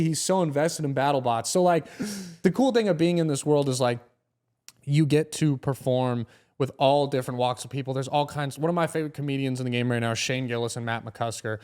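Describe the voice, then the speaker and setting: A young man, a comedian guest on a podcast, telling stories in a casual, animated way, swearing often and acting out what people said. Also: mid-range voice, fairly quick, clean tone. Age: young adult. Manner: animated, swearing, acts out quotes.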